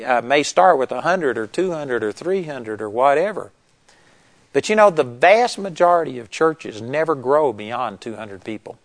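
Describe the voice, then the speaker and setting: A man's voice: mid-range voice, dry recording. A man preaching a sermon on discipleship, earnest and emphatic, building to exclamations.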